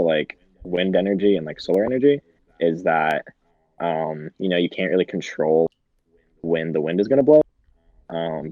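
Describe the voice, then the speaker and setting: The deep-voiced young man co-hosting this podcast keeps things casual, with frequent laughter, swearing, and plenty of filler words. The audio is dull and has no echo.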